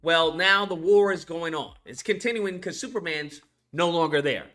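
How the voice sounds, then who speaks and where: Bright-voiced man ranting about a film. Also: fairly high pitch, moderate pace. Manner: rambling, crude, lots of fillers. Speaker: movie reviewer. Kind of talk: casual ranting film recap.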